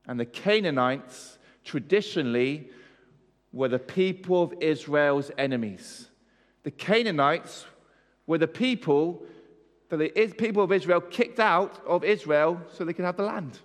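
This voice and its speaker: A man preaching with emphasis, pitched a little high and putting questions to his congregation. His voice rings with a long reverb in a church hall. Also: expressive, a little slow. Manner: emphatic, asks the audience questions. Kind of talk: sermon.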